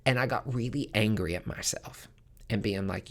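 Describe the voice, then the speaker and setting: A man's voice: fairly low pitch, moderate pace. A man hosting a podcast, talking in a frank, casual monologue and swearing freely. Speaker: podcast host.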